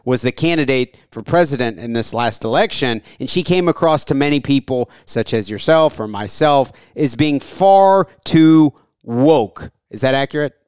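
A man hosting a podcast, asking calm, measured questions. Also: mid-range voice, clean tone, no echo, clean studio sound. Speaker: podcast host. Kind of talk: podcast interview.

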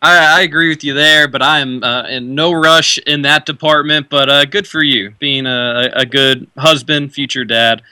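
A man's voice: fairly high pitch, fairly even intonation, moderate pace, few pauses, sharp tone, clean tone, dry recording. A young man hosting a sports radio show, chatting casually with fillers and restarts. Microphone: studio mic.

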